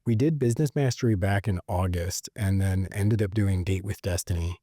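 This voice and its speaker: A man hosting a podcast, telling stories in a casual, animated way with lots of fillers. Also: low voice, moderate pace, dry recording, clean studio sound. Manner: animated storyteller, many fillers. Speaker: podcast host. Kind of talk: casual conversation.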